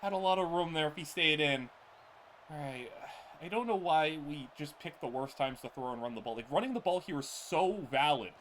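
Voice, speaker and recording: A gaming channel host giving live play-by-play commentary on a football video game, excitable and exasperated, often laughing in disbelief. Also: mid-range voice, normal speed, slight background noise.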